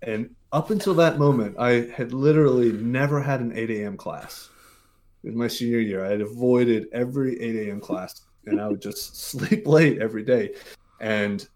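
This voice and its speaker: An American man in his forties from Mississippi, appearing as a podcast guest, tells stories casually in an interview, full of fillers and restarts. His voice is mid-range and somewhat dark, moving at a moderate pace.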